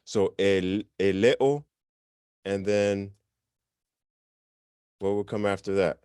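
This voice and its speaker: Relaxed low-voiced man teaching a class. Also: takes it slowly, clean tone, dry recording, studio quality. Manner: relaxed, self-correcting, chatty explanations. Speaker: language teacher. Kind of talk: informal online class.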